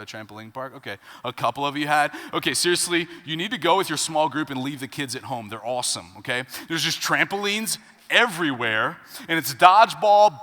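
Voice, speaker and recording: A man in his thirties delivers a sermon as a pastor, his bright, slightly high voice ringing out in a reverberant sanctuary. He tells stories with sharp swings from quiet asides to loud, emphatic punchlines. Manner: storytelling with wide swings between hushed and loud. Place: church sanctuary. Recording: reverberant church hall.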